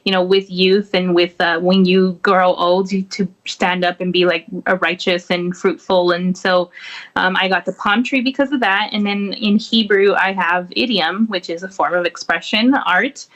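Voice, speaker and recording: A woman's voice: fairly low pitch, steady tone, normal speed, a bit bright, muffled recording. A woman speaking as a podcast guest in casual chat, packing her talk with fillers like "you know" and "definitely" and laughing often. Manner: laughs often while talking.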